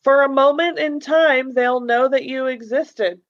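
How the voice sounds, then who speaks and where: Chatty young woman, somewhat high voice. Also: steady tone, measured pace, highs cut off. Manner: chatty, acts out quoted dialogue. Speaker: podcast guest, host's wife. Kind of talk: casual chat.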